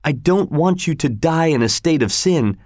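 A selfish young nobleman, as a male reader plays him, answering with hollow, earnest devotion. The reader lifts his pitch for the role and keeps the delivery measured. The sound is dry and close. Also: expressive, darkish tone, dry recording. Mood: falsely earnest. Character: selfish young nobleman, falsely dutiful son.

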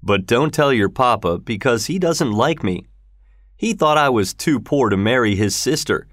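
A man's voice: medium pitch, animated, normal speed, fairly bright tone, dry recording, clean studio sound, lightly acted. A man playing a cold, scheming landowner. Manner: cold, mocking and commanding. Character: scheming cruel middle-aged landowner.

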